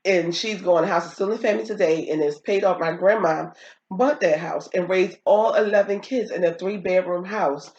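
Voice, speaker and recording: A woman co-hosting a casual talk show, telling family stories and acting out quotes in a higher voice. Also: normal speed. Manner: animated, acts out quotes in a high voice. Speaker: co-host. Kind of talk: casual storytelling chat. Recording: roomy, dull lo-fi sound.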